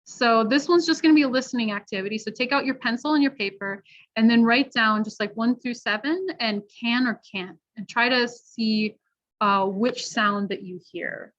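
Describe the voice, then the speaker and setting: A fairly high-voiced American woman leads an online pronunciation class. She is encouraging and explains clearly with examples. Her voice comes through a dull, lo-fi video call. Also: moderate pace, fairly bright tone. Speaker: English pronunciation teacher. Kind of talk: online workshop teaching.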